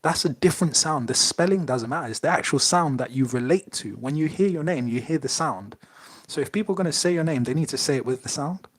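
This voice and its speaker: A man's voice: on the high side, fast talker, husky. A man co-hosting a podcast, chatting casually and playfully reading out quiz questions. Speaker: podcast co-host, quizmaster. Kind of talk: casual chat.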